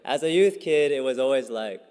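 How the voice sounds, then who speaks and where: A pastor giving a casual, conversational sermon, full of fillers and asides. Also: male voice, mid-range voice, animated, fairly quick, darkish tone, clear, resonant tone. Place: church sanctuary. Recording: long church hall reverb.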